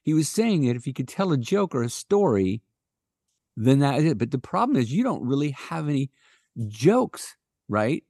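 A man in casual podcast chat hunts for his words, filling gaps with uh and um. His mid-pitched voice rises and falls a lot, recorded dry and close. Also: sing-song, warm tone, dry recording. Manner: halting, fills pauses with uh and um. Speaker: podcast co-host.

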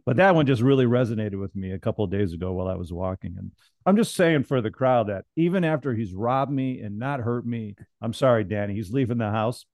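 A man spins a story in loose podcast chat, swearing freely and slipping into other people's voices as he goes. His tone is mellow and relaxed. The sound is dry and close. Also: on the low side, fairly quick, dry recording. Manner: animated, swears, acts out other people's lines. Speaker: podcast guest telling a story.

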